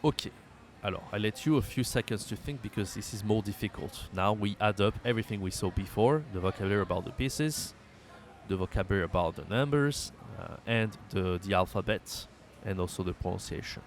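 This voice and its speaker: A man's voice: fairly low pitch, slight background noise. French-accented man teaching, thinking aloud. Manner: thinks aloud with hums and self-corrections; repeats phrases slowly for learners. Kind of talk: language lesson.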